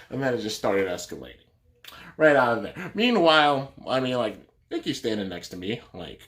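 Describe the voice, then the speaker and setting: Deep-voiced man telling a rambling story. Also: very animated, moderate pace, a bit bright. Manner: rambling with many fillers and restarts. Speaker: YouTuber. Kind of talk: casual storytime vlog.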